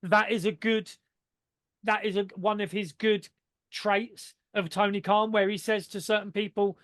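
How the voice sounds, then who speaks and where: A man with a notably high voice chats on a podcast in a very dry, close-miked sound. He is animated and sweary, piling on fillers. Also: a little slow, no room sound. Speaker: podcast co-host. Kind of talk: casual chat.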